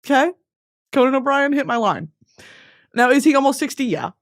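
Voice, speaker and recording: A woman in her twenties hosts a podcast, telling a funny, self-deprecating story with lots of animation. She swings between loud bursts and low mutters and talks a little fast.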